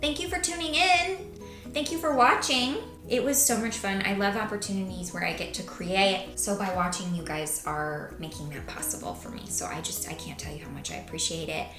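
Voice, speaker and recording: A woman's voice: medium pitch, steady tone, fairly quick, over music. A young woman hosting her vlog, reading viewer comments aloud and answering them in a bubbly, playful way. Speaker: vlog host responding to comments. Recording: echoey room.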